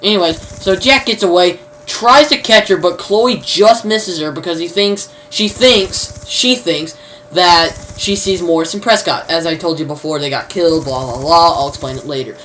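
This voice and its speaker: A man's voice: a little high, moderate pace, bright, forceful tone, a little hiss or hum, low-quality recording. A man reviewing a TV show in a loose spoken recap, rambling and leaning constantly on "you know" fillers. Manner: informal, mild swearing substitutes.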